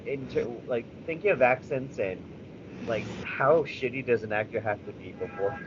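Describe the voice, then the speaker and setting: A man co-hosting a podcast in casual chat, animated and rambling, swearing freely with lots of fillers. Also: mid-range voice, moderate pace. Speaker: podcast co-host. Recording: slightly dull audio with faint background noise.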